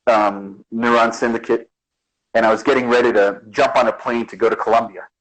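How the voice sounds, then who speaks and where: A man's voice: mid-range voice, a little fast, poor audio. A man from the Bronx, a guest artist chatting casually in an interview and acting out his stories. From the Bronx, New York. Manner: animated storyteller, acts out quotes.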